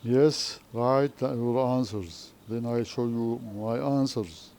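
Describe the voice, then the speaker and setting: Male English teacher, Arabic accent, unhurried, repeats and questions the class; faint room noise. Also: mid-range voice, a little mellow. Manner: slow, repetitive, frequent questioning tags. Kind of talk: classroom lesson explanation.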